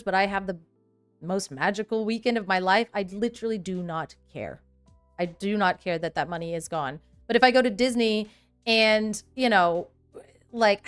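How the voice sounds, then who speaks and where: A woman's voice: medium pitch, clear, resonant tone. A woman in her thirties hosting a casual livestream, chatting animatedly and reading viewer comments aloud. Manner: animated, chatty, reads chat aloud, laughs often. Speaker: livestream host.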